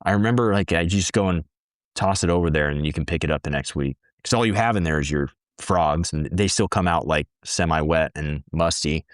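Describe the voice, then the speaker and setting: A man's voice: very deep voice, fairly quick, no echo, studio quality. A man, a former Navy corpsman guest, telling stories casually in blunt, profane talk. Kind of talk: casual storytelling.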